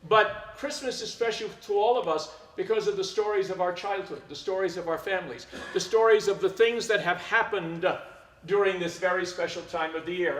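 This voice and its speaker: High-voiced priest hosting a concert. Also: male voice, reverberant. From United States. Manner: chatty, storytelling. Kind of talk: live concert introduction. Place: concert hall.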